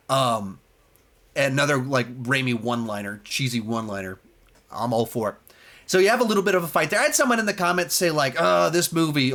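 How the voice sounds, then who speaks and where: Animated man reviewing a film. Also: fairly high pitch. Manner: animated, rising to exasperated emphasis, many fillers and restarts. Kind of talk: casual spoken movie review.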